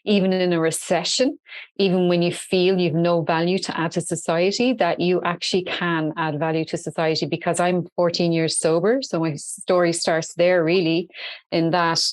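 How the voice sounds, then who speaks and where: A woman's voice: lowish voice, level tone, normal speed, no echo. An Irish woman, a guest on a podcast, talking in a cheeky, chatty way over a video call. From Ireland. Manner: cheeky and chatty, earnest about her story. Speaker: podcast guest, social media expert. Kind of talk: casual interview talk.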